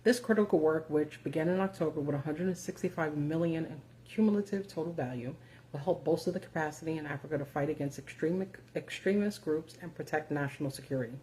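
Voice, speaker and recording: Low, mellow-voiced woman in casual profane commentary. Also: fast, slight background noise. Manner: casual and profane, sarcastic asides, many fillers. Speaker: host of a live video. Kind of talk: casual live-stream commentary.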